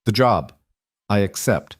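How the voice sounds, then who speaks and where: A man voicing a composed woman leaving her cheating husband, speaking in calm, clipped, resolute lines. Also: on the low side, unhurried, no echo, clean studio sound.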